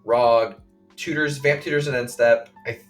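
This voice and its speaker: A man of ordinary pitch talks through a game on a casual podcast, rambling from move to move with plenty of fillers. He slips into quick acted quotes of the other players. Faint music plays behind him. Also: fairly even intonation. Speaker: podcast co-host. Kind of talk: casual chat recounting a tournament game.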